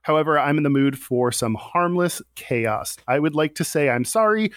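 A man's voice: a little high, lively intonation, normal speed, fairly bright tone, no echo, clean studio sound. A man hosting a casual podcast, chatting and laughing, often restarting his sentences. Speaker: podcast host.

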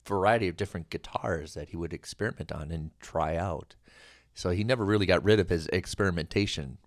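Male host, very low voice, loose chatty delivery, dry studio sound. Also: a little fast, dry recording. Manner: loose, rambling, animated asides. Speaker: podcast host. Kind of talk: casual podcast chat.

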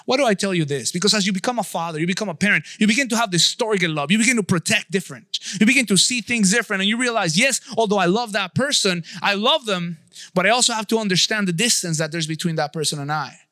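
A man's voice: sits high, fast, bright, forceful tone, no room sound, clean studio sound. A man in his thirties giving a conversational sermon, often checking in with his listeners. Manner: conversational preaching, asks the audience. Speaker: pastor.

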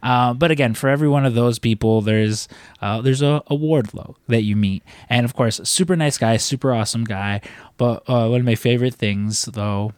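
A man's voice: mid-range voice, normal speed, clean tone, no room sound, studio quality. A young man hosting a podcast, telling a rambling story with lots of fillers, restarts and casual swearing. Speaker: podcast host.

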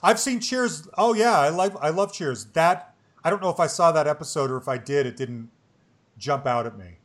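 A man's voice: a little high, animated, moderate pace. A man in his forties hosting a podcast, chatting in a rambling way and laughing easily. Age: 40s. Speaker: podcast host. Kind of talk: casual chat.

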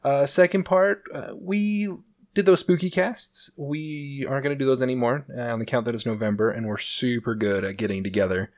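A man's voice: medium pitch, fairly quick. A man hosting a casual podcast, rambling with fillers and laughing often. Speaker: podcast host.

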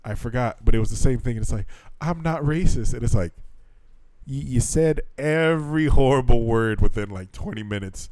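A man's voice: mid-range voice, brisk, no room sound. A man co-hosting a podcast in casual chat, profane and laughing as he tells stories. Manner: profane, laughing, animated storytelling. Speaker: podcast co-host.

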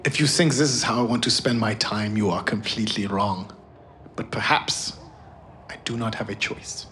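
A man doing a sorrowful, gentle scientist. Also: fairly low pitch, steady tone, normal speed, slight background noise, voice pushed down, lightly acted. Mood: weary. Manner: formal, melancholy speech.

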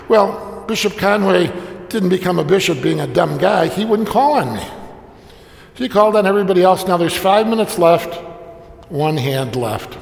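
Wry priest in an echoey hall. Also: male voice, high voice, lively intonation, normal speed, gravelly. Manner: wry, self-deprecating storytelling. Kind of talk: humorous anecdote told to an audience. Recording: echoey hall with long reverb.

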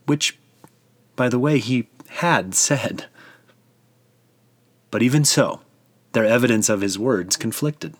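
A man's voice: mid-range voice, slow, pauses often, no room sound. A man narrating a dramatic retelling of a scripture story in a vivid storyteller's manner.

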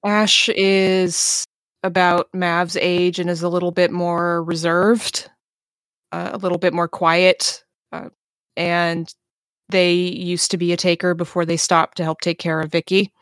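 A woman chats casually as a player at a tabletop game, laughing easily and explaining things at length. Her voice sits lowish and the recording is dry. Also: little pitch movement, a little slow, a bit bright, no echo.

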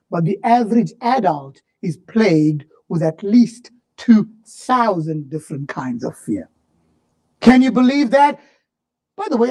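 High-voiced, impassioned male preacher. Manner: impassioned, swings from shouts to low murmurs. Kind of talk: sermon.

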